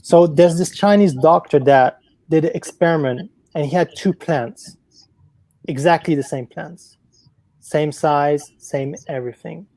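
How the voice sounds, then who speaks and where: Woman co-host with a mellow voice, chatty. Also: low-pitched, unhurried, dry recording, rough recording. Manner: chatty, lots of "like" and "you know" fillers. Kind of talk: casual live-stream chat.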